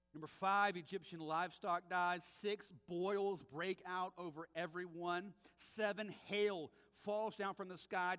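Animated preacher, high bright voice. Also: male voice. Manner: animated storytelling, acting out quoted voices. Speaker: pastor. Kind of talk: sermon. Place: church sanctuary. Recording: long church reverb.

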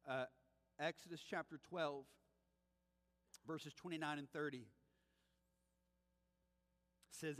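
A man preaching in a church sanctuary, retelling the story with lively animation and slipping into the voices he quotes. His voice sits high and sounds bright and forceful. A long reverb trails after his words from the big room. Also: a little slow, long pauses. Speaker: pastor. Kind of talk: sermon.

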